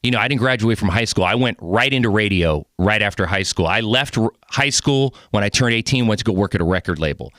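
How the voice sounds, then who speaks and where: A man's voice: on the low side, lively intonation, fast, hardly any pauses, a bit bright, dry recording, studio quality. A man in his forties hosting a podcast, talking candidly and earnestly, swearing casually. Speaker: podcast host. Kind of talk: casual interview chat.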